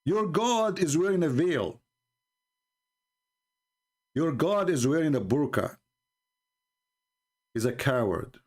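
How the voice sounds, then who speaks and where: A man's voice: slow, long pauses. Sarcastic man with non-native English. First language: not English. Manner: sarcastic, mocking, animated retelling with bursts of laughter; pitch jumps high for mocking quotes. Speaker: religious commentator. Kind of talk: mocking monologue.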